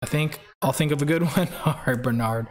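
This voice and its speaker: A man's voice: fairly high pitch, brisk, crowd noise. A man hosting a game live stream in a rambling, chatty way, reading out viewer names and laughing often. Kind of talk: casual live-stream chat.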